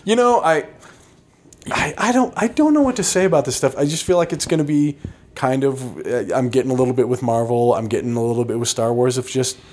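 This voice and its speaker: A man's voice: medium pitch, brisk, darkish tone. A man co-hosting a podcast, chatting casually and meandering as he thinks aloud. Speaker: podcast co-host. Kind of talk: casual chat.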